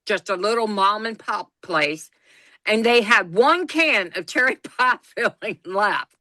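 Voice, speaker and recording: A woman's voice: medium pitch, lively intonation, measured pace, pushed and bright, no echo. A woman co-hosting a podcast, telling a family story in a folksy, blunt way. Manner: folksy, blunt, laughs through her stories. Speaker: podcast co-host. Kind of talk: casual storytelling chat.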